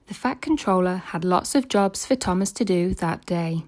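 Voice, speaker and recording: A woman reading a children's train picture book aloud with steady, gentle storybook narration. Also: on the low side, moderate pace, hardly any pauses.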